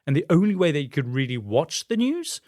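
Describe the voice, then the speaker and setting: A man hosting a podcast, telling a story in an animated, chatty way with frequent fillers. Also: on the high side, a little fast, dry recording, clean studio sound. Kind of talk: casual storytelling chat.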